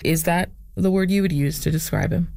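A radio interviewer asking gentle, conversational questions. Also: medium pitch, brisk, vocal fry, no echo, studio quality.

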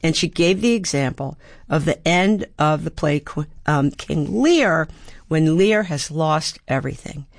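A woman's voice: sits low, lively intonation, measured pace, creaky, no room sound. Older woman telling stories, dry close sound. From Baltimore, USA. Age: 70s. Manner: thoughtful, acts out quoted voices and rhythms. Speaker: actor and playwright, guest. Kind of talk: reflective interview storytelling.

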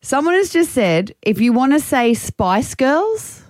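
Lively woman radio host. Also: high voice, a little slow, no echo. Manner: playful, giggly, lively. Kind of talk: casual radio banter. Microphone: studio mic.

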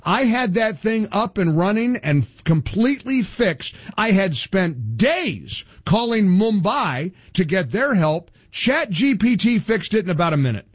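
A man's voice: high voice, unhurried, hardly any pauses, breathy edge, no echo. A middle-aged man hosting a talk radio show, talking emphatically with lots of restarts. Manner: emphatic, animated, frequent restarts. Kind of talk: political talk radio banter.

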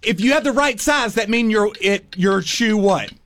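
A man co-hosting a radio word game, halting and searching for words as he gives clues. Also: high voice, a bit bright, a little hiss or hum. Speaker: radio show co-host.

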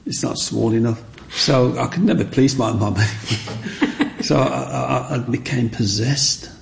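A man tells stories from his boyhood. His voice is gravelly and creaky at a middling pitch, and he bursts into the excited voices of children when he quotes them. A faint noise runs underneath the recording. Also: moderate pace. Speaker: interviewee. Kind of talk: reminiscing storytelling.

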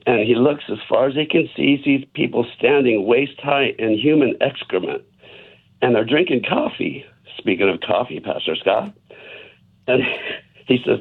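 A man's voice: mid-range voice, moderate pace, creaky, husky. A man calling in to a radio show, telling a rambling joke over the phone. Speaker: caller. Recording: tinny phone line.

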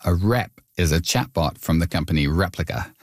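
Male podcast host, very low voice, dry close sound, wry narration. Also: lively intonation, normal speed, no echo. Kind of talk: scripted narration and chat.

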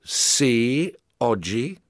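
A man voicing a cheerful middle-aged male artist who exclaims brightly. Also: mid-range voice, very animated, very slow, dry recording, studio quality.

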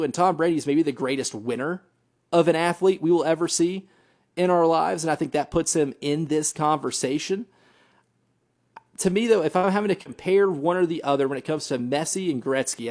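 Earnest man arguing sports picks. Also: on the high side. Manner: earnest, reasoned, with light laughs and restarts. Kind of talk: casual sports debate.

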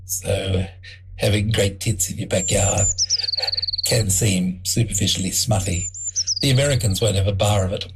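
A man's voice: lowish voice, fairly even intonation, normal speed, vocal fry, very noisy. A man bird expert speaking outdoors, dry and knowledgeable with light amusement. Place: outdoors among birds and insects. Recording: outdoor birdsong and crickets loud.

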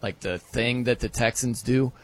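A man hosting a sports talk radio show, excitable and quick to mimic stadium chants. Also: medium pitch.

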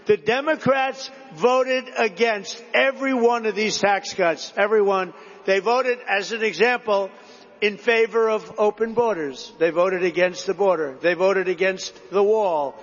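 A man's voice: high voice, a little slow, big-room sound, muffled recording. A man giving a rambling, repetitive rally speech, drifting between stories. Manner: rambling, digressive, repetitive storytelling to a crowd. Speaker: political speaker at a rally.

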